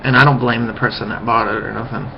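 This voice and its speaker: A man's voice: medium pitch, fairly even intonation, quick pace, gravelly, slight background noise. Man ranting profanely into a webcam. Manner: profane, heated, repetitive. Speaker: vlogger. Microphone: webcam mic. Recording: muffled lo-fi webcam audio.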